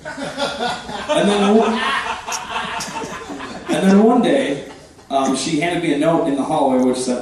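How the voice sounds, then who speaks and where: A man works a comedy club crowd with deadpan, self-mocking jokes, tossing in quick asides as he hosts the night. His voice sits a little high and sounds distant, and the club around him echoes heavily. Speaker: stand-up comedian and host. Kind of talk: stand-up comedy set. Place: comedy club stage before a live crowd. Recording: echoey room, voice from afar.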